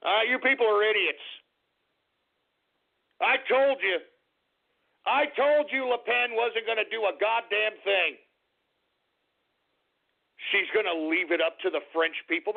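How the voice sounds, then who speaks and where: Gravelly high-voiced ranting radio host. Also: male voice. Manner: blunt, profane, scornful ranting. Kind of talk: political talk radio rant. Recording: phone-like lo-fi radio.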